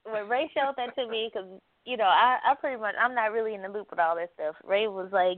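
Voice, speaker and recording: A woman co-host in casual panel talk, hesitant and stumbling, with soft laughs. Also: mid-range voice, fairly quick, few pauses, a little hiss or hum. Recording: dry phone-like audio.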